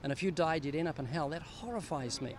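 A man's voice: on the high side, fast, a little hiss or hum. An older man sharing his faith earnestly with a stranger on a city street, pleading and serious. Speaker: street evangelist. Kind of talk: street evangelism conversation.

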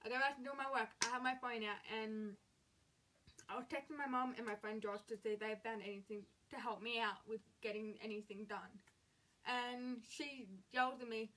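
A late-teen female vlogger, her voice a little high, pushed and bright, keeps a steady tone at normal speed. In this storytime about school, she rants in frustration, recounting the events with exasperated emphasis.

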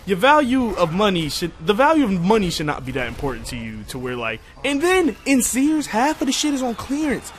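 A young man venting to his viewers in a profane, exasperated rant, going quiet when he calms down. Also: a little fast, hardly any pauses, slight background noise. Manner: profane, exasperated, jumping pitch when heated. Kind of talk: casual rant to camera.

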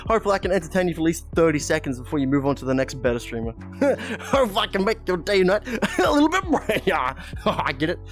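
A young Australian man chatting casually on a live stream, laughing often and reading chat aloud. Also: high-pitched.

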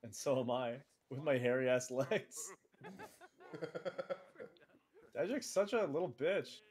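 A man co-hosting a gaming stream, talking in animated, casual commentary, swearing and laughing often. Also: medium pitch, takes it slowly.

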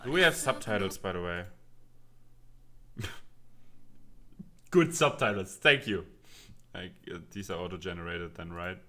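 Excitable man reacting, bright voice. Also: low-pitched, faint music behind. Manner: animated, exclaiming, quick asides and laughs. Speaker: reaction video host.

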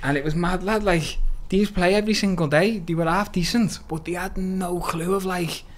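A young man with a Liverpool accent telling stories in a casual podcast chat, animated, laughing often and swearing freely. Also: sits high, moderate pace. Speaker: podcast guest.

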